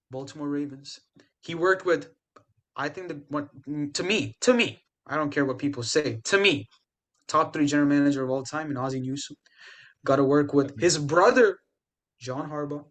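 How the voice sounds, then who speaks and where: A young man on a casual sports podcast, trash-talking rivals with big emphasis. His voice sits a bit high for a man. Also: fairly bright tone. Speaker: podcast co-host.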